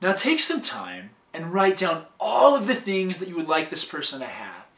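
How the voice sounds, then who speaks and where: A man's voice: high voice, big pitch swings, moderate pace, gravelly, sharp tone, far from the mic. A man giving an upbeat, scripted talk as a dating coach, recorded in an echoey room a little way from the microphone.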